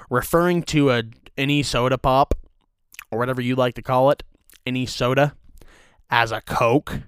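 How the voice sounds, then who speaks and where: A young man hosting a comedic rant, crude and profane in a deadpan way. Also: mid-range voice, clear, resonant tone, no echo, studio quality. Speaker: host of a rant show.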